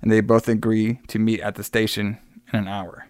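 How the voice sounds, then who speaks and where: A man retells a film to a co-host in easy casual chat, slipping into the characters' lines and cursing offhand. His voice is smooth and clear, recorded close and dry. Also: on the low side, level tone, normal speed, a little mellow, dry recording. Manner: swears casually. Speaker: podcast co-host recapping a film.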